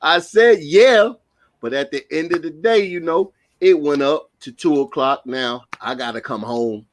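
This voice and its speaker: Middle-aged NY man, easygoing storyteller, voice on the higher side. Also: measured pace, a little hiss or hum. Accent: New York. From New York. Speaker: podcast co-host. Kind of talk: casual storytelling.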